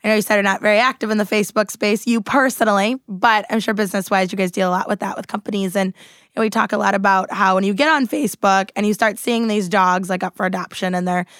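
A woman hosting a casual radio talk show from a studio, upbeat and quick to laugh. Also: mid-range voice, steady tone, fairly bright tone, clear, resonant tone, dry recording. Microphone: studio microphone.

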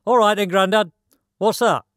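A man voicing a mouthy young male biker lad who shouts and taunts. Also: high voice, moderate pace, dry recording, studio quality, voice pushed up. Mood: cocky.

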